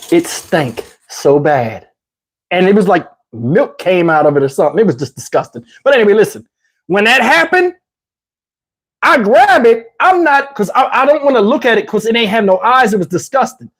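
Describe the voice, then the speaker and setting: A man casually telling a story to his channel, in a slangy, profane, lively way. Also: sits high, moderate pace. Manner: profane, slangy, lively retelling with acted-out quotes.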